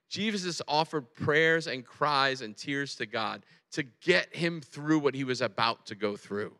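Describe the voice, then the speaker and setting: Guy in his 40s preaching, chatty and animated, keeps checking everyone's with him, bright voice bouncing around a big hall. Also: medium pitch, measured pace. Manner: conversational, animated, checks in with the room. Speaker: pastor. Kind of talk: sermon. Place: large hall with congregation. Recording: long hall reverb.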